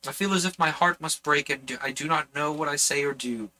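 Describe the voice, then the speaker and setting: A man's voice: on the high side, a little fast, bright, forceful tone. A man reading aloud the pleading letter of a desperate poor young woman, in his own plain voice, tearful in tone.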